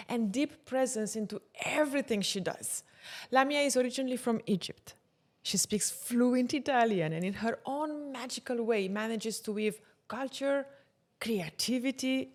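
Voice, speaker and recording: A woman in her thirties hosting a podcast interview, giving warm heartfelt introductions and growing excitable when she retells stories. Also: fairly high pitch. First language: not English. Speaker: podcast host.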